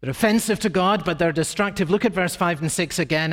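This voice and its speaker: A man with a fairly high voice preaches a sermon with emphatic, dramatic shifts in pace and pitch. His words carry a long reverb through a large hall. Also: brisk, few pauses, fairly bright tone.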